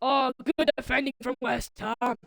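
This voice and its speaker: A woman streaming play-by-play commentary on a football video game, calling out players and breaking into sudden excited outbursts. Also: sits high, measured pace, creaky, no echo, poor audio. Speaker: livestream commentator.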